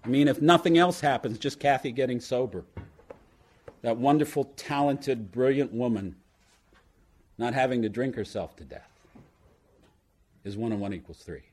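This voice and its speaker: A man's voice: mid-range voice, moderate pace, pauses often, a little mellow, husky. A man sharing his story at a recovery meeting in a humorous storytelling style, punchy and joking, then turning earnest. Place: lives in New York.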